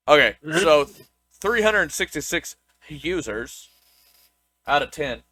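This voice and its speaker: Brief: young male co-host, casual chat; bright, dry close sound. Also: fairly high pitch, big pitch swings, slow, pauses often, dry recording. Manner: loose, laughing, stumbles and restarts often. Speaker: podcast co-host.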